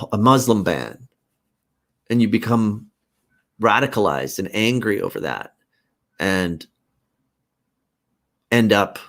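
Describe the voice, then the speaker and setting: A man hosting a casual live stream, talking earnestly and haltingly as he thinks aloud. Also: lowish voice, gravelly. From Canada. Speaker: host.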